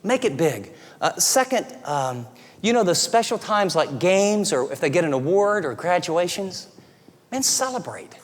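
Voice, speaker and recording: A middle-aged man preaching a sermon, earnest and conversational, often dropping to soft, tender tones. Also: sits high, sing-song, unhurried. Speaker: pastor. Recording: long reverb of a large hall.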